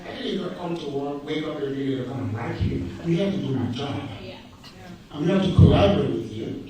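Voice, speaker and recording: A man's voice: fairly high pitch, a little fast, distant mic, crowd noise. Emphatic Nigerian man in an echoey hall. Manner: emphatic, rhetorical questions, storytelling. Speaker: speaker. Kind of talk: motivational talk.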